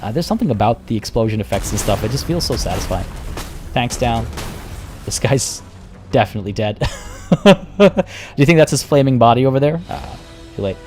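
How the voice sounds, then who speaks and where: A man's voice: mid-range voice, lively intonation, fairly quick, pauses often, a little mellow, faint music behind. A man giving live commentary on a strategy game, thinking aloud and chatting with his viewers while losing his voice. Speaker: game streamer.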